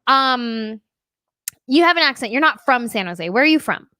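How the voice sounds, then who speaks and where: A woman hosting a casual chat show, talking in a chatty, playful way with quick asides. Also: on the high side, lively intonation, sharp tone, clear, resonant tone, no room sound, studio quality. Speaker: host.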